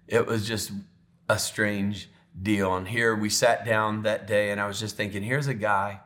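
A man preaching a sermon in a heartfelt, conversational way, often slowing into soft pauses. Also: on the low side. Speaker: pastor. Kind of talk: sermon storytelling.

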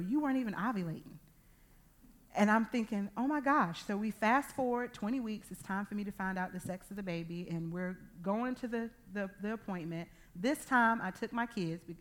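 A woman in her thirties or forties preaching a sermon, telling a personal testimony with animated, acted-out dialogue. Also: medium pitch. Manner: animated storytelling, acting out dialogue.

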